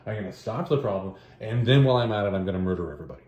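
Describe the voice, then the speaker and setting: A man's voice: fairly low pitch, expressive, very fast, lo-fi sound, natural voice. A man voicing a blunt, hot-headed barbarian king in a casual, slangy way, recorded in a roomy space. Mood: determined. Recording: roomy echo.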